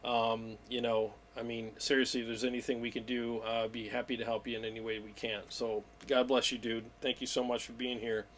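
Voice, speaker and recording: A man hosting a weekly livestream, talking in an excitable, rambling way and greeting viewers by name. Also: medium pitch, fairly quick, few pauses, slight background noise. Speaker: livestream host. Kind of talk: casual livestream chat.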